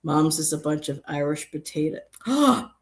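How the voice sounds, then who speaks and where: A woman's voice: sits low, expressive, normal speed. A middle-aged woman hosting a casual livestream, chatting and reading out chat messages with many ums.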